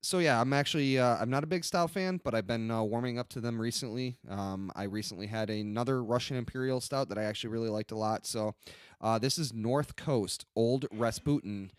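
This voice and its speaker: A young man talking loosely on a home beer podcast, his voice mid-pitched and dry with no room sound. He meanders through fillers and false starts while reading tasting notes aloud. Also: brisk, clean tone, dry recording. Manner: rambling, many fillers and restarts, reads descriptions aloud. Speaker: podcast co-host reviewing beers.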